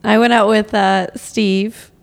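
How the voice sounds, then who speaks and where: A woman's voice: medium pitch, flat delivery, takes it slowly, vocal fry. A woman co-hosting a podcast, giggly and chatty, telling stories in casual chat. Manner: giggly storyteller. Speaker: podcast co-host.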